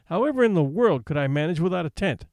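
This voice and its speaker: Male reader doing a raised, lively voice for a fretful, gushing young frontier woman. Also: on the high side, fast, no echo. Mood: dismayed. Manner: plaintive, gushing, dismayed exclamations. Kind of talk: audiobook character voice.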